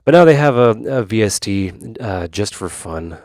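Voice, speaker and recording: A man's voice: fairly low pitch, animated, moderate pace, darkish tone, dry recording, clean studio sound. A man hosting his own channel, walking through a synth demo in a loose, rambling way, full of fillers and side remarks. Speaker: YouTube host. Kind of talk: casual synth demo tutorial.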